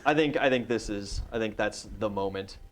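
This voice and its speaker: A man playing a tabletop game, relaxed and casual, counting out dice rolls aloud. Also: on the low side, normal speed. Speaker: player.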